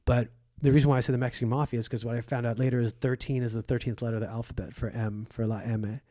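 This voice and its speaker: Racing along with a flat delivery, the Egyptian comedian guest uses a medium-pitched, dark-toned voice on a dry recording. In conversation he tells vivid stories of his childhood, bringing the people in them to life by acting out their words.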